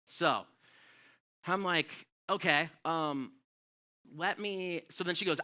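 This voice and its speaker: Stand-up comic, male, sharp bright tone, swearing and exasperated in his stories. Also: on the high side, measured pace. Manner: profane, animated, exasperated storytelling. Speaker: stand-up comedian. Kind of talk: stand-up comedy storytelling. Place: comedy club stage.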